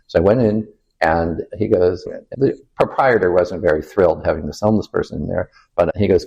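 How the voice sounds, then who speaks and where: Husky low-voiced older rabbi. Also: male voice, fast. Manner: animated anecdote-teller who quotes people and asks rhetorical questions. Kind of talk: storytelling in a casual interview.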